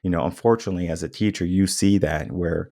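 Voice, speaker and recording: A man's voice: low-pitched, fast talker, dark tone. A young adult man hosting a podcast, talking in an emphatic, repetitive way and acting out quotes in changing tones. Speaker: podcast host. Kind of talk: casual monologue.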